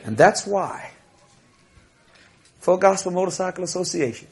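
A man preaching a sermon, telling a story in an animated, laughing way and acting out what people said. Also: high voice, normal speed, husky.

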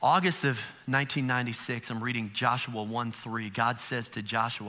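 A man's voice: mid-range voice, moderate pace, few pauses, sharp tone. A middle-aged man preaching a sermon as pastor, conversational and humorous, with frequent rhetorical questions.

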